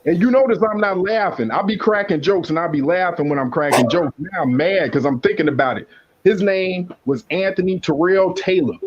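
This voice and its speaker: A fairly high-pitched man rants in a heated, profane, boastful way. He talks loosely as a panelist on a live stream. The audio is dull and lo-fi. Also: a little fast, slight background noise. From South Side of Chicago. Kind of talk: casual chat, ranting.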